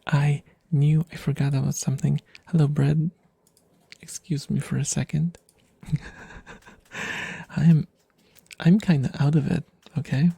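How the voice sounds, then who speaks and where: Gravelly, breathy man in soft ASMR chat. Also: on the high side, flat delivery, unhurried, long pauses, dry recording. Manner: rambling, self-deprecating, drifting in and out of whispers. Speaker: ASMR streamer.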